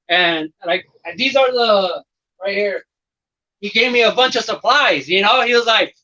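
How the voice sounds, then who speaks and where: Man, casual rambling chat, high voice, lots of fillers, muffled lo-fi sound. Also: a little fast, sharp tone.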